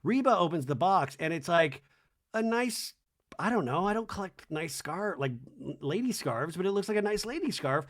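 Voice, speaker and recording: A man hosting a podcast, giving a casual, comedic TV recap in a rambling, animated way with lots of "like". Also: sits high, moderate pace. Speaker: podcast host.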